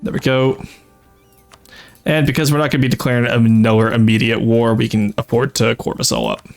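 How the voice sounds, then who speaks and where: A man's voice: mid-range voice, animated, a little fast, gravelly, faint music behind. Man thinking aloud over a game. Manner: thinking aloud, explaining tactics with frequent fillers. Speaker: streamer playing a strategy game. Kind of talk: casual live-stream commentary.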